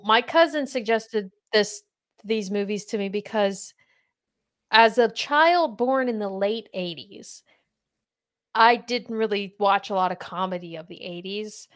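A woman in her thirties hosts a casual podcast chat. Her pitch sits in the middle of the female range but leaps up and down as she quizzes her guest in a chatty, playful way. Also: measured pace, fairly bright tone. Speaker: podcast host.

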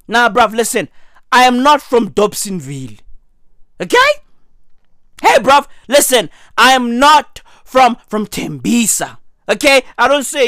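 Woman, high-ish lively voice, profane comic rant, unhurried delivery. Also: no echo, clean studio sound. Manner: animated, rambling, profane, keeps saying "bruv". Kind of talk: comedic monologue.

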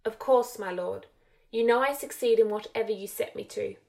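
A woman's voice: fairly high pitch, normal speed, creaky, rough recording. A woman voicing a cold, sneering young man who speaks in a clipped drawl. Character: cold, sneering young male lord's enforcer.

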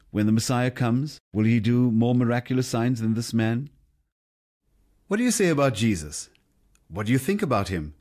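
A man's voice: mid-range voice, a little mellow. A man giving scripted gospel teaching, earnest and putting questions to the listener. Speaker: radio preacher.

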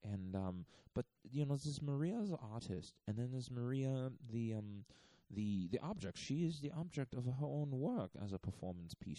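A man voicing an earnest, accented male art curator, speaking slowly and solemnly. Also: medium pitch, mellow, no echo, pitched above the performer's own voice.

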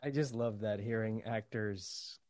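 A man's voice: lowish voice, unhurried, darkish tone, no echo, clean studio sound. A man hosting a casual interview, laughing often and swearing freely like an enthusiastic fan. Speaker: podcast host.

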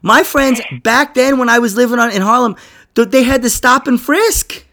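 A man's voice: very high-pitched, moderate pace, vocal fry, sharp tone. A young adult man hosting a podcast in casual chat, rambling and swearing, trailing off and laughing often. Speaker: podcast host.

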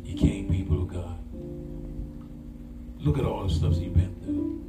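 Loud guitar music fills the echoey room as an older pastor delivers his sermon. His voice sits low and moves a little slowly, and he speaks in a colloquial, emphatic way, trading call-and-response lines with the congregation.

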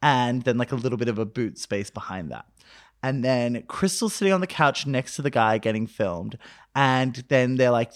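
A man with a mid-range voice and moderate pace co-hosts a casual podcast chat. An animated storyteller, he acts out quotes and laughs often.

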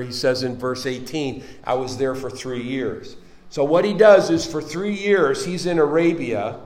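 A fervent male Bible teacher with a fairly high voice. He swings from loud, exclaiming preaching down to low, quiet explanation. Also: reverberant, poor audio. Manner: fervent, exclaims hallelujah and amen.

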